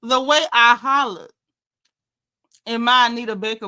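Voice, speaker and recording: A woman talks through a reality show recap in a gossipy, animated way. Her voice is bright and sits a little high. She keeps slipping into lively quoted asides. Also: a little slow. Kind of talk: casual recap chat.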